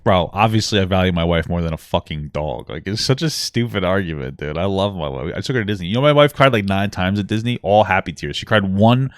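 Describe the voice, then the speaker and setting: A man's voice: sits low, lively intonation, quick pace, hardly any pauses, no echo, studio quality. A man streaming live in crude, flippant casual chat, calling everyone bro. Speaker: livestreamer.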